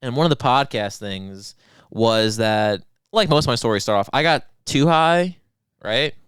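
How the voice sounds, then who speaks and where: A man's voice: medium pitch, measured pace, clear, resonant tone, no room sound, studio quality. A young man co-hosting a podcast, telling crude stories in casual banter and acting out his own lines. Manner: crude, animated storytelling with acted-out self-quotes. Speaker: podcast co-host.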